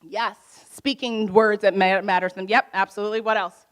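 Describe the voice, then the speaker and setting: A young woman giving a motivational talk on a conference stage, naturally loud, laughing often and asking the crowd questions. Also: mid-range voice, fairly even intonation, fairly quick. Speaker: conference speaker. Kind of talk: motivational workshop talk to a live audience.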